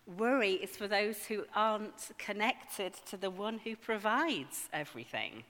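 A woman's voice: mid-range voice, expressive, a little slow, fairly bright tone. A woman giving a sermon, conversational with wry asides to her congregation. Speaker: preacher. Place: church. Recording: long hall reverb.

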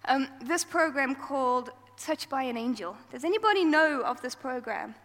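A woman's voice: sits high, expressive, moderate pace, a bit bright. A woman giving an informal talk at church, chatty and self-deprecating, acting out quoted lines as she goes. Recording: long hall reverb.

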